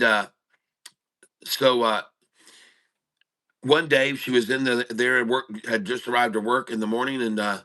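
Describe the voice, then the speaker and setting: A man's voice: medium pitch, pushed and bright. A middle-aged man hosting a day-trading livestream, rambling and chuckling as he tells a joke. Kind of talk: casual joke-telling.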